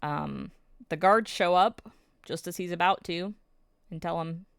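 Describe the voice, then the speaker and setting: A woman's voice: on the low side, unhurried, gravelly, smooth, no echo, studio quality. A woman recapping episodes of a drama in a casual, emotional, storytelling way, with plenty of fillers.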